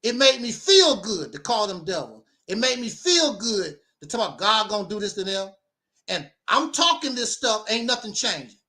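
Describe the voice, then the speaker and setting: High bright-voiced guy, rambles and repeats himself telling his story. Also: big pitch swings, normal speed. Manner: rambling, repeats words and phrases. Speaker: guest sharing his story. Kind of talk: casual storytelling conversation.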